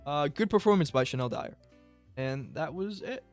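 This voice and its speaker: A man's voice: on the high side, expressive, moderate pace, no room sound, faint music behind. A young man giving a casual, rambling solo recap of fights, full of filler words. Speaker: MMA commentary YouTuber.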